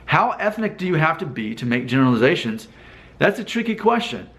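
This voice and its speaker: A man's voice: on the high side, big pitch swings, fairly quick, a bit bright. A man talking casually to camera in a vlog, thinking aloud with rhetorical questions and restarts. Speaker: vlogger. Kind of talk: casual talking-head commentary.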